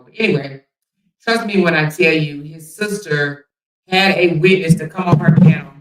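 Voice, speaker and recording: Blunt, bright-voiced woman livestream host. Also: sits low, distant mic. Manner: blunt, profane, fires rhetorical questions at viewers. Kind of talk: casual commentary livestream. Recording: echoey room, voice somewhat off mic.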